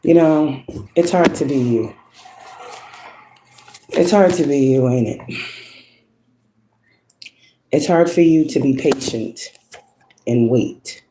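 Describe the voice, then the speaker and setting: A woman's voice: rumbling low, slow, long pauses, dark tone, roomy sound, slight background noise, low-quality recording. A woman giving a casual spiritual monologue, preachy and profane, asking rhetorical questions and laughing often. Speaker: spiritual influencer.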